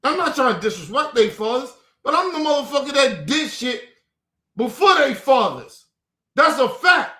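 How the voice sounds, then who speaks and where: A man's voice: very high voice, very animated, moderate pace, bright, forceful tone, reverberant. A man streaming a heated, profane rant, repeating himself over and over to his viewers. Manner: profane and repetitive, talking to the viewers.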